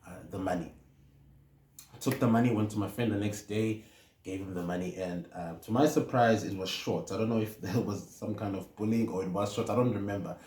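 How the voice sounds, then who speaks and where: A man with a South African accent, a counselling psychologist, telling a personal story in a measured, hesitant way with many fillers. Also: on the low side, darkish tone. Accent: South African English. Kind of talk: reflective personal talk. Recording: echoey room with faint noise.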